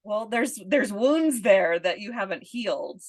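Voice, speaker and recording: A woman's voice: medium pitch, animated, unhurried, a little mellow. A woman hosting a coaching podcast, asking questions and chatting with a laugh. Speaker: podcast host and parenting coach. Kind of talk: conversational interview.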